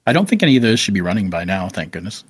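A man co-hosting a podcast in casual chat, relaxed and easygoing. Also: deep voice, rapid-fire, husky, no room sound. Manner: relaxed, brief agreeing interjections. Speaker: podcast producer and co-host.

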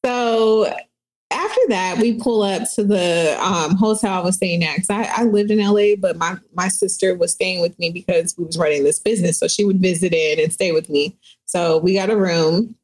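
A woman in her thirties telling a story casually as a podcast guest, animated and profane, filling her talk with "like". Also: on the low side, moderate pace. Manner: animated, profane, heavy use of "like".

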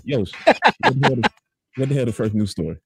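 A man's voice: mid-range voice, brisk, creaky, over music. A man co-hosting a comedy podcast, joking and playing weatherman and news anchor. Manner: animated, playful, joking news-anchor bits. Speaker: podcast co-host.

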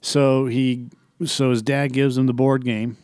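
A man's voice: medium pitch, flat delivery, measured pace, a little mellow, no echo, clean studio sound. A man co-hosting a podcast, recapping a movie in casual chat with rambling, tag-question asides. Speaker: podcast co-host.

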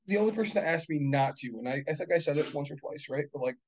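A man's voice: a little high, expressive, racing, low-quality recording. A man co-hosting a casual chat, talking bluntly and heatedly, swearing often and rambling with lots of fillers.

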